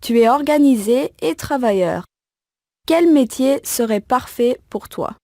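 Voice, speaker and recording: A young student in a textbook listening exercise, her voice sitting a little high. She speaks in a clear, measured way, and the recording is dry and close. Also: expressive, darkish tone, dry recording. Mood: calm. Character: young woman student discussing job quiz. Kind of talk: scripted textbook listening dialogue.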